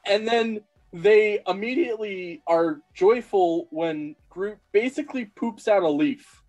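A man's voice: high voice, unhurried, hardly any pauses, darkish tone, soft background music, rough recording. A man talking as a guest on a casual podcast, upbeat and laughing often.

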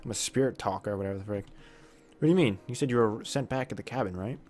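Male let's-play host, lowish, excitable, swears mildly, reads along. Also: fast. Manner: jumpy, exclaims with minced oaths; reads game dialogue aloud. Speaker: gaming YouTuber.

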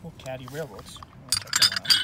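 A man with an animated, mid-range voice and a moderate pace offers off-the-cuff commentary while showing his collection. Holding his phone inside a shop, he reads labels out in quick bursts with mumbled remarks in between, over loud clinking and handling sounds.

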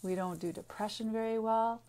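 A woman speaking off the cuff in a personal video, earnest and halting, with frequent restarts and pauses as she searches for words. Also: a little high, steady tone, mellow. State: getting emotional. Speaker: naturopathic doctor and author. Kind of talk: unscripted personal video talk.

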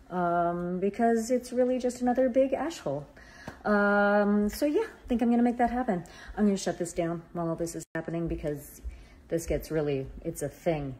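An actor taking over a social media account chats playfully and jokingly with followers in a casual phone vlog, moving around her home, garden and office. Her voice is on the low side and a little mellow, recorded on a phone held at arm's length with a little hiss or hum.

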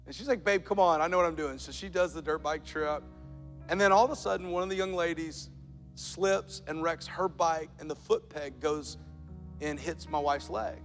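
A man preaching a sermon as pastor, telling a story and building to loud, emphatic points. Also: a little high, normal speed. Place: large church auditorium. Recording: church hall reverb with soft music.

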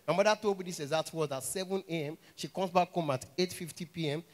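A young man with a Nigerian accent doing a stand-up comedy set, telling animated stories in a mix of Pidgin and English and acting out characters. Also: on the high side, fast. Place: stage at a live show.

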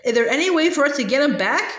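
A woman voicing a small, polite, fatherly cricket who speaks quickly and earnestly while reading a storybook aloud. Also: high-pitched, lively intonation, a bit bright, echoey room. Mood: concerned.

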